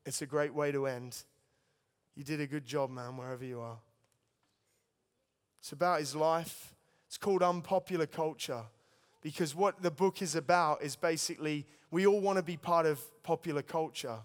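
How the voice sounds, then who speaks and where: Young male preacher, storytelling testimony, smooth and resonant, big reverberant hall. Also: a little high, steady tone, moderate pace. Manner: storytelling, earnest, addresses listeners as guys. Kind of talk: sermon testimony.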